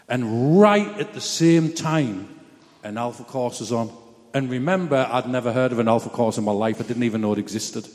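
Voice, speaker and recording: A man's voice: mid-range voice, moderate pace, darkish tone, long reverb tail. A man giving a personal testimony in a chatty, blunt, self-mocking storytelling way.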